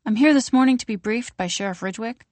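A woman's voice: a little high, fast talker, a little mellow, no echo, pitched above the performer's own voice, close to an everyday voice. A woman reading aloud, voicing a composed, guarded congresswoman who speaks in a curt, controlled way.

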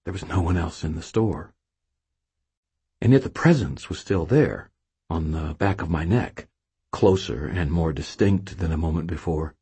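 A man's voice: low-pitched, a little slow, dark tone, breathy edge. A man narrating a first-person novel with a wry, self-mocking storytelling manner. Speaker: audiobook narrator.

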